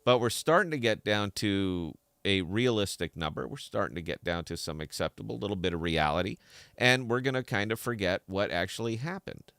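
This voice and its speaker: A man's voice: lowish voice, animated, a little fast, creaky, fairly bright tone, clean tone, no echo, clean studio sound. Ranting man with a slight lisp. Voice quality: slight lisp from a dental hole. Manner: heated, ranting, repeats words when worked up. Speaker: podcast host. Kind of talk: opinionated solo commentary.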